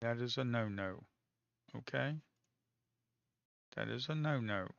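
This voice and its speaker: A man's voice: mid-range voice, slow pace, creaky, fairly bright tone, no echo, lo-fi sound. A man commenting casually on live trading, talking to viewers as folks, swearing and teasing the market. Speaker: day trader streaming live.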